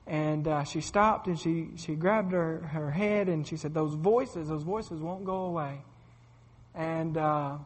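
A man's voice: high-pitched, in a large hall. A man preaching a sermon, telling a testimony in a folksy way, full of "I said" and "uh". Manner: folksy storytelling with many fillers and repeated "I said".

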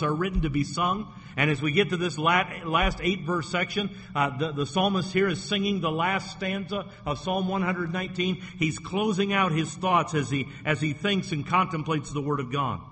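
In a church sanctuary, a pastor with a high, fairly bright voice delivers an earnest sermon, often repeating his words. The hall is echoey, with faint noise in the background.

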